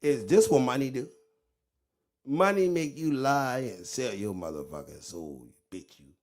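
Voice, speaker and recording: A man giving a loud, profane, mocking commentary rant, swinging between shouts and low mutters. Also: expressive, measured pace. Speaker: online commentator. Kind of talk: ranting commentary.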